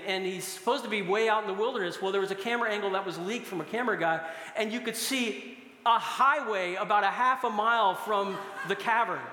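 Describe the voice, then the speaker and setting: A middle-aged man preaches to a congregation in a large hall. His voice is high and bright, and a long, roomy reverb trails after each phrase. He moves between solemn teaching and playful storytelling. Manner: storytelling with bursts of laughter. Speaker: pastor. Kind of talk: sermon.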